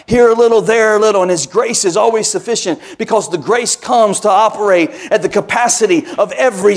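A male pastor preaching a sermon, telling folksy stories with call-and-response asides and building into emphatic, repetitive cadences. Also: high-pitched.

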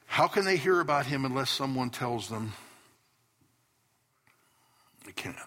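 Pastor guy giving a sermon, bright slightly husky voice, earnest storytelling. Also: mid-range voice, expressive, brisk. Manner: earnest storytelling with bursts of emphasis. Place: church hall before a congregation.

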